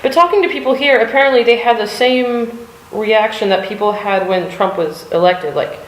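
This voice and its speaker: A woman's voice: fairly high pitch, moderate pace. A woman from the United States chatting casually and rambling in her art studio, with lots of fillers and the odd swear word. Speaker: vlogger. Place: cold home art studio. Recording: echoey room.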